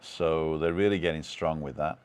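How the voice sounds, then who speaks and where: A man's voice: very deep voice, fairly even intonation, moderate pace, darkish tone, smooth. A British man hosting a live stream, chatting casually and reading out viewer comments in a rambling way with many fillers. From United Kingdom.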